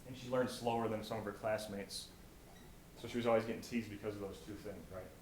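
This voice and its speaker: An American man speaks from a stage in a big, echoey college auditorium. His voice sits fairly low and mostly level, with a faint hum of noise behind it. He tells inspiring stories, dropping to a hush and then rising loud. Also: fairly even intonation, brisk. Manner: storytelling, swings from hushed to loud. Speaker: motivational speaker.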